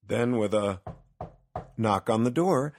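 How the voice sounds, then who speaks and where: A man narrating a children's storybook in an expressive, storytelling way. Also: lowish voice, takes it slowly, slight background noise.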